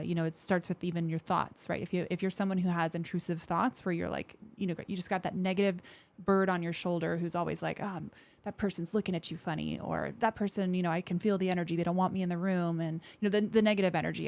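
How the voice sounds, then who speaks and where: A woman veteran speaking as a podcast guest in casual interview talk, candid and expressive, acting out quoted thoughts in lively voices and swearing now and then. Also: on the low side, fast, creaky. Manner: frank, with occasional swearing.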